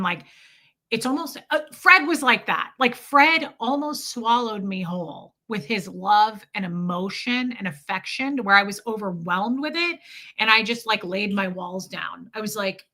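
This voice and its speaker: A woman's voice: medium pitch, sharp tone. A young woman live-streaming, telling a rambling, chatty story and greeting viewers as she goes.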